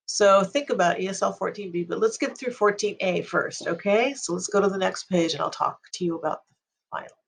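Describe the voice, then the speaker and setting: An ESL teacher speaking in a recorded online lecture, with a gravelly edge to the voice. The delivery is encouraging and friendly, with small fillers between thoughts. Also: medium pitch, a little fast.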